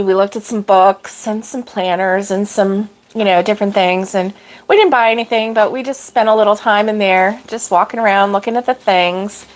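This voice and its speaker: A middle-aged woman hosting a casual livestream, rambling through a story with fillers and laughs, fighting off allergy sneezes. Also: medium pitch. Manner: rambling, chatty, laughs often, greets viewers by name. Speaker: crochet livestream host. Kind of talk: casual chat.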